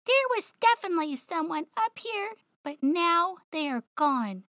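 A woman doing a squeaky, bossy little dog. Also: very animated, a little slow, a bit bright, dry recording, studio quality, exaggerated voice. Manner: high, squeaky, commanding. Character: small brave male dog, bossy and protective. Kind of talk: audiobook narration.

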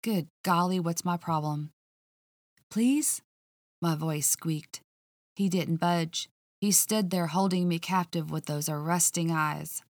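A woman's voice: lowish voice, no echo, clean studio sound. A woman hosting a podcast, narrating a mystery story in the first person with a chatty, folksy manner.

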